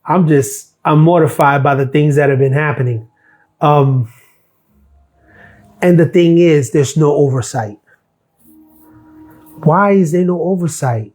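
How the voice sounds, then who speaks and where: Here the ex-mail carrier, a middle-aged man streaming live, speaks a bit slowly and pauses often, his high-leaning voice carrying a darkish tone. His complaints about work are blunt, sarcastic, and full of profanity.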